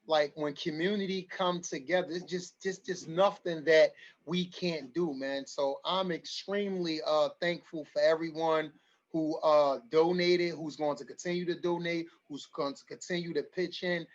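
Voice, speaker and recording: A man's voice: on the high side, fairly even intonation, normal speed, highs cut off. A man hosting an online community forum, talking emphatically and repeating his lines for stress. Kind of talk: livestream community address.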